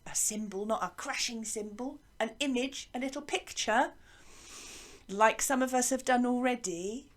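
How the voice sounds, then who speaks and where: A woman teaching a music lesson to young children, asking lots of questions in a slow, lively way. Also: a little high. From England. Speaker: primary school music teacher.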